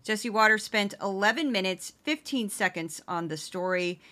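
A woman's voice: medium pitch, bright, forceful tone. A woman hosting a podcast, giving casual sarcastic commentary between news clips. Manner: sarcastic, quick asides. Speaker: podcast host.

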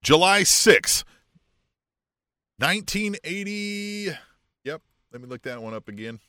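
A man's voice: high voice, very animated, takes it slowly, pushed and bright, clear, resonant tone, no room sound, studio quality. A man co-hosting a casual wrestling podcast, reading out wrestling history with jokey, playful asides. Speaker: podcast co-host.

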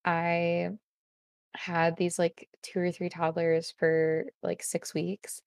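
A woman's voice: fairly low pitch, completely flat delivery, slow pace, darkish tone, dry recording, studio quality. A young woman in a casual conversation as a guest, rambling and filling her talk with constant "like"s.

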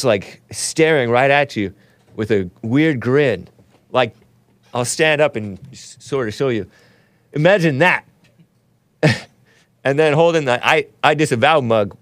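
A man's voice: mid-range voice, dry recording. Rambling man hosting a live stream. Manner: rambling, laughs often, reads chat comments aloud. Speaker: show host. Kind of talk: casual live-stream commentary.

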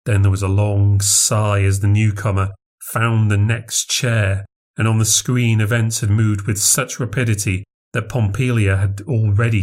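A man narrating a horror story in a measured, unhurried reading. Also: fairly low pitch, darkish tone.

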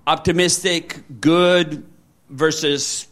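A man's voice: a little high, steady tone, takes it slowly, fairly bright tone. Rambling man with lots of fillers. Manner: rambling, many fillers and restarts; acts out quoted dialogue. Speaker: interviewee. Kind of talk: candid conversation.

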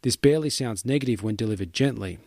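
A man reading a book summary aloud in steady, measured scripted narration. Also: medium pitch, no room sound, clean studio sound.

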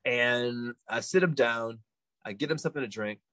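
A man as a podcast guest telling a story in a rambling, animated way, with many restarts. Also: medium pitch, moderate pace, no room sound, poor audio. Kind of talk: casual anecdote telling.

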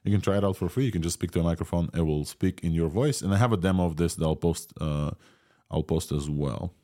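A man's voice: low-pitched, fast, dark tone. A man hosting a casual live audio chat, talking loosely with fillers and asking the panel for their comments. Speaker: podcast host.

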